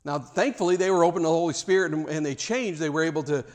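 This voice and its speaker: A man's voice: on the high side, quick pace. A man preaching a sermon, emphatic, with rhetorical questions and repeated words.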